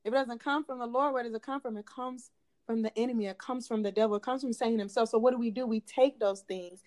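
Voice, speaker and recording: Young woman guest, slightly high voice, earnest and preachy, repeats lines for emphasis. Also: steady tone, fast, darkish tone. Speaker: podcast guest, PA student. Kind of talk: faith-based podcast conversation.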